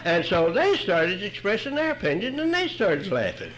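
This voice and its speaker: A man's voice: sits high, wildly swooping pitch, moderate pace, fairly bright tone, slight background noise, rough recording. An older man, telling his own story at a recovery meeting in a folksy, wry way. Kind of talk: humorous personal storytelling talk.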